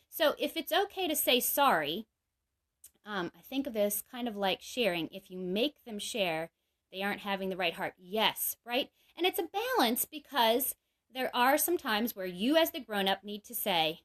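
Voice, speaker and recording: A woman's voice: a little high, animated, normal speed, fairly bright tone. A woman in her thirties explaining a parenting idea in a casual talk, full of "you know" and "right?", acting out quoted lines in a livelier voice. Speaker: parenting speaker.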